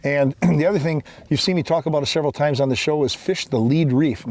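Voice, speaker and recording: Out on a lake, a man hosts a fishing show from his boat, bantering with viewers in a folksy, enthusiastic way and calling them folks. He's out of breath from lifting fish. His voice is fairly high and darkish, he talks fast, and the recording is dry.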